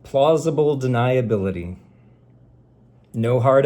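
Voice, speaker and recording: A man's voice: medium pitch, expressive, normal speed, warm tone. A man delivering a sarcastic, exasperated rant straight to camera, talking to an unseen listener. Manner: sarcastic, exasperated, addresses the algorithm directly. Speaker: vlogger. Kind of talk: ranting monologue to camera.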